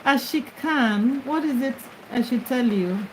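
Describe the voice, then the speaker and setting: A woman's voice: sits high, measured pace, a little mellow, a little hiss or hum, low-quality recording. A middle-aged woman from Kenya, chatting casually as host of her livestream from her bed and laughing often as she greets commenters. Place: bedroom, lying on her bed.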